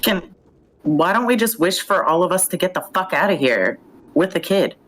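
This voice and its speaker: A woman's voice: fairly low pitch, lively intonation, normal speed, fairly bright tone, a little hiss or hum. A woman playing in a tabletop game, insistent and practical. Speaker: player.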